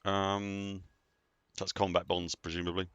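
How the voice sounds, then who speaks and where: A man's voice: low-pitched, flat delivery, measured pace, fairly bright tone, smooth, dry recording, lo-fi sound. A man casually chatting while live-streaming a game, rambling and answering viewers as he plays.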